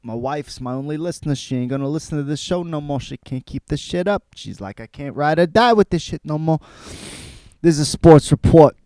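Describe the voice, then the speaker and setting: A man's voice: fairly high pitch, a little fast, dark tone, dry recording, clean studio sound, close to an everyday voice. A man voicing a brash male sports gambling fan from New Jersey, with a put-on New Jersey accent and a rambling, cursing manner. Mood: boastful.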